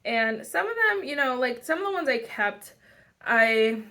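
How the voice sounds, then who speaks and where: Bright chatty young woman vlogger. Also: on the high side, lively intonation, unhurried. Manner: rambling, chatty, many fillers and restarts. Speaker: beauty vlogger. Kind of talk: casual makeup tutorial chat.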